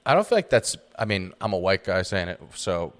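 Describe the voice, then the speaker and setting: A young man co-hosting a podcast, explaining his views in relaxed casual chat. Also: low voice, a little fast. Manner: relaxed, explaining, often trailing off. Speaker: podcast co-host.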